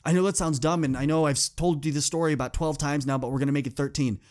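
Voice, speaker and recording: A man's voice: a little high, steady tone, quick pace, darkish tone. A young man hosting a podcast, speaking earnestly in a motivational monologue that builds into impassioned repetition. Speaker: podcast host.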